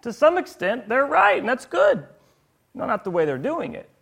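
A man preaching a sermon in an animated way, throwing rhetorical questions at his listeners. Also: very high voice, normal speed, vocal fry, husky.

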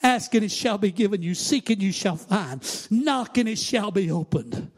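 Pastor, high-pitched man; sermon that swings between hushed asides and loud, chanting outbursts. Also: animated, moderate pace. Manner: swings from quiet asides to shouted, sing-song preaching.

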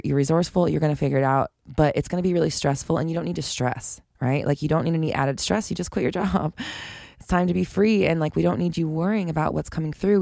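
A woman's voice: deep voice, creaky, dark tone, no room sound, clean studio sound. A woman hosting a solo podcast, talking frankly and chattily, swearing now and then and laughing between points. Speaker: podcast host. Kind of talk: casual solo podcast monologue.

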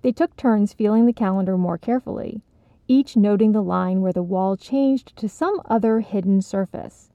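A woman narrating a story in a steady, even storytelling manner. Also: mid-range voice, moderate pace, dry recording. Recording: slightly dull, dry recording.

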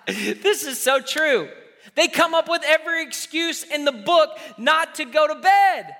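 Male pastor, thirties, high bright voice, animated sermon delivery, long hall reverb. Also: a little slow. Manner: exhorting, call-and-response, acts out quoted voices.

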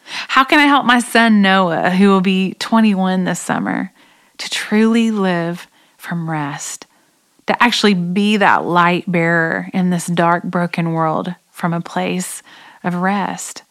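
A woman's voice: lowish voice, slow pace, a bit bright. A woman in her forties hosting a devotional podcast, speaking in an earnest, reflective way. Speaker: podcast host. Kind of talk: devotional talk.

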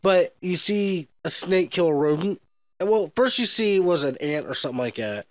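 Laid-back podcast man, slightly high voice. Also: animated, moderate pace, dry recording. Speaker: podcast co-host. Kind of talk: casual movie discussion.

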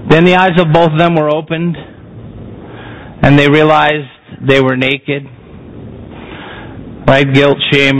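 A man preaching a sermon, emphatic and posing rhetorical questions to the congregation. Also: on the high side. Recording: muffled lo-fi sound.

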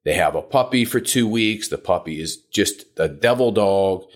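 A man with a lowish voice hosts his own podcast as a dog trainer. His talk rises and falls a lot as he explains things step by step. Now and then he jumps into a shrill imitation of a frantic owner. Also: expressive, moderate pace. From South Florida. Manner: instructive, mimics high-pitched owners. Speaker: puppy trainer and podcast host. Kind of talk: podcast monologue.

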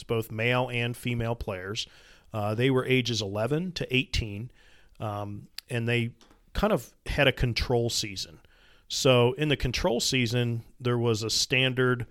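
A man's voice: mid-range voice, fairly bright tone, no echo, clean studio sound. A man in his forties hosting a podcast, explaining things in a chatty way with plenty of filler words. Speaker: podcast host. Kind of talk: casual chat.

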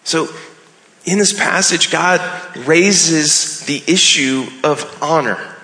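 A man's voice: a little high, slow pace, sharp tone. A man preaching a sermon as a pastor, earnest, with emphatic rising phrases. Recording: echoey hall with long reverb.

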